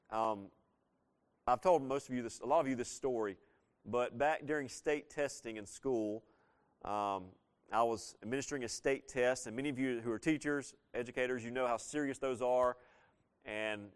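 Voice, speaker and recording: A middle-aged man, preaching a sermon in an easygoing storytelling way and slowing down to stress key phrases. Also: mid-range voice, clear, resonant tone. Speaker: pastor.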